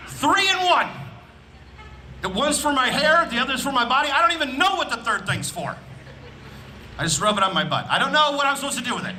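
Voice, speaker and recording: A stand-up comedian from Indiana works an outdoor festival crowd, his high, bright voice carrying a forceful edge as he talks loud, quick and animated, shouting some punchlines into a handheld stage mic. Faint outdoor ambience sits behind him, and the rough recording has a little hiss or hum.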